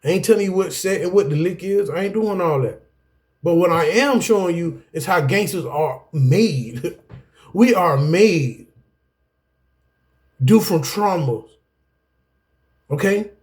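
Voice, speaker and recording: A middle-aged man, teaching an anger management class through his own life story. He talks in an animated, preacherly way, addressing the room as "y'all.". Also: high voice, slow, long pauses. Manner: animated, preacherly, repeats "guess what" and "y'all". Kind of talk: personal testimony lecture.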